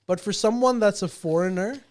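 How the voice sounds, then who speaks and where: A man's voice: sits high, brisk. A man co-hosting a podcast, from Pakistan, chatting casually, rambling and swearing. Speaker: podcast host. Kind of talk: casual chat.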